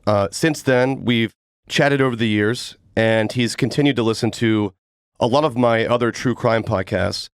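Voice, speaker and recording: A man's voice: mid-range voice, normal speed, clean tone, no room sound, studio quality. A young man from Atlanta, hosting a podcast and speaking casually and enthusiastically, with easy laughter. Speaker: podcast host. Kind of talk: casual podcast intro and chat.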